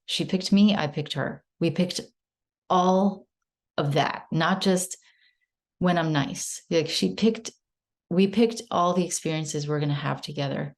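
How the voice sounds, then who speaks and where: A woman's voice: sits low, vocal fry, a little mellow. A woman in her thirties candidly sharing a personal story in a casual spiritual group chat on a video call, rambling and self-reflective.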